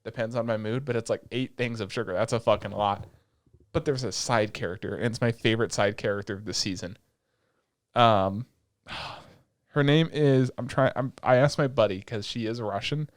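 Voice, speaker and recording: Young male podcast host, loose and animated, cusses freely while recapping a show. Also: mid-range voice. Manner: animated, swears freely, quick asides. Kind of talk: casual anime review chat.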